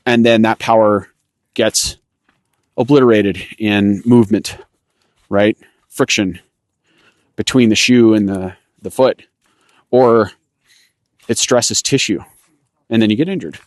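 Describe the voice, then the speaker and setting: Walking a rocky trail outdoors, a man hosts a cycling coaching podcast, explaining technique loosely and correcting himself as he goes. His voice is lowish and steady, slow, with frequent pauses. The instructional monologue is recorded dry.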